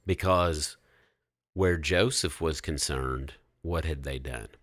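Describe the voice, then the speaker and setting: Relaxed Bible-story host, very deep voice, dry close sound. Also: male voice, slow, no room sound. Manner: relaxed storytelling, reads scripture aloud. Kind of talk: casual Bible discussion.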